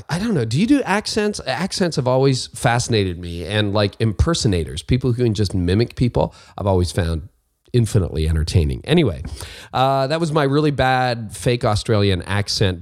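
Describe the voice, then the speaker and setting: A man's voice: on the low side, lively intonation, a little fast, a little mellow. A man hosting his leadership podcast, talking in a chatty, self-deprecating and upbeat way. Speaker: podcast host. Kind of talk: casual podcast monologue.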